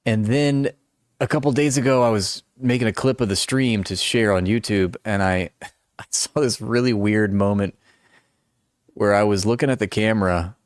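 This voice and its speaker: Chatting casually on his livestream, a man in his forties rambles, mocks himself and restarts often. His fairly low voice holds a steady tone at normal speed, recorded dry and clean in a studio through noise-canceling headphones.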